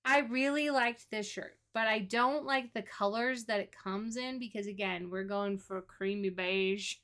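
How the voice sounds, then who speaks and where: A woman's voice: mid-range voice, unhurried, few pauses, fairly bright tone. A woman giving casual, chatty commentary while playing a game, laughing often. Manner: chatty and giggly. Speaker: gaming creator.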